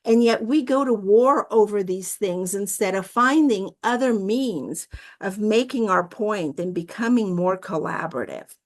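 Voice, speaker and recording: A woman guest minister giving a sermon over a video call, with friendly asides and a storytelling manner. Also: medium pitch. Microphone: video call mic.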